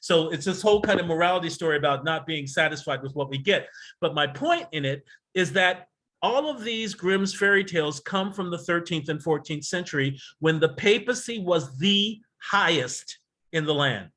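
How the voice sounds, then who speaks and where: A man leads an astrology workshop over a video call in a loose, lecturing style. His voice sits high and sounds bright and sharp. He rambles and digresses, restarts often, and drops the odd swear word. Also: expressive, normal speed. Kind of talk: casual lecture.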